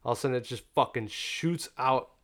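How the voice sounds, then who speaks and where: A man's voice: medium pitch, brisk. Young man telling a profane story. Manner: profane, animated storytelling with frequent "like" fillers. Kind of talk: casual storytelling chat.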